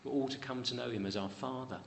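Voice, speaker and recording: A man's voice: quick pace, vocal fry, a little hiss or hum. Man preaching a dramatic sermon. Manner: dramatic, voice rising high on pleading questions and dropping low and soft on promises. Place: church.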